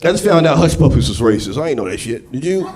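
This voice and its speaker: A male stand-up comedian doing a raunchy set on a club stage, profane and shouting his punchlines into a handheld mic. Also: a little high, big pitch swings, quick pace. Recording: live club with loud audience laughter.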